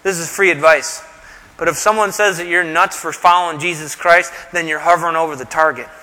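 A man's voice: on the high side, fairly quick, pushed and bright, in a large hall. A middle-aged male pastor preaching a sermon in a conversational, emphatic way, full of rhetorical questions.

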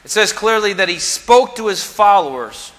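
A man's voice: high voice, expressive, moderate pace, a bit bright. A man preaching a sermon as pastor, emphatic and acting out the voices he quotes. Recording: long hall reverb.

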